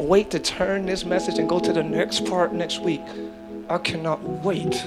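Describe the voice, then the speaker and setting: A pastor preaching a live church sermon, with emphatic delivery that swings between shouts and hushed low lines. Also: male voice, unhurried, over loud music. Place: church sanctuary.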